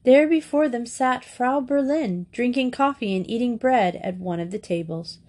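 Frau mit weicher, warmer Erzählstimme. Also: female voice, a little high, moderate pace. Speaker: audiobook reader. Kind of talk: storybook narration.

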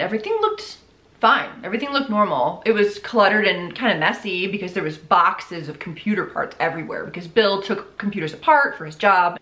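A woman's voice: lowish voice, fairly bright tone. A woman hosting casual true crime storytelling, blunt and swearing freely, dropping into whispered asides. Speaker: host. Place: home, indoors. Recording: roomy echo.

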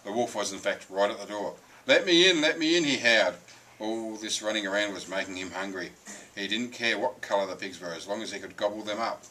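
A man reading a children's picture book aloud with lively, expressive storytelling. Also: lowish voice, brisk, poor audio. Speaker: reader.

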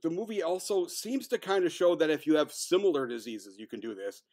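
A man co-hosting a casual film review podcast, talking with animated, profane energy. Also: a little high, brisk. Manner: profane, animated, mocking impressions. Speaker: podcast co-host.

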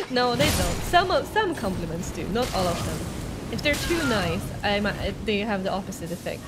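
A young woman from Sweden with a Swedish accent, chatting playfully and sarcastically while streaming a game, English not her first language. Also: mid-range voice. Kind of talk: live gameplay commentary.

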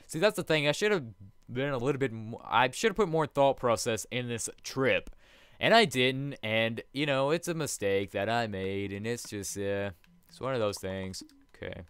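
A man's voice: medium pitch, normal speed, a bit bright, clear, resonant tone, no room sound. A young man giving rambling, casual commentary on his own gameplay, chatting with viewers and laughing often. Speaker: let's play host.

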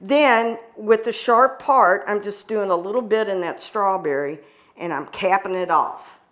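A woman's voice: medium pitch, a little slow. A woman chef with a Southern accent giving a folksy, chatty cooking demonstration. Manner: folksy, chatty, says y'all and sister.

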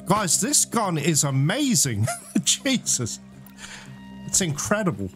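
A man giving excited gameplay commentary to viewers, exclaiming and out of breath. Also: fairly high pitch, slow pace. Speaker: let's play gamer. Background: game music.

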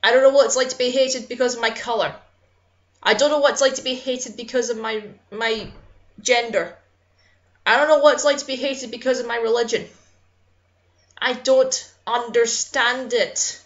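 High-voiced impassioned woman ranting. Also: fairly even intonation, moderate pace, muffled recording. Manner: impassioned, swearing, apologizing for getting angry. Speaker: YouTuber. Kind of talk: personal vlog rant.

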